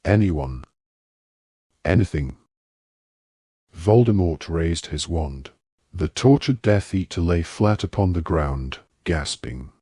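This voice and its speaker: Deep husky male audiobook narrator. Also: expressive, unhurried, warm tone, no room sound, clean studio sound. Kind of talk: scripted narration.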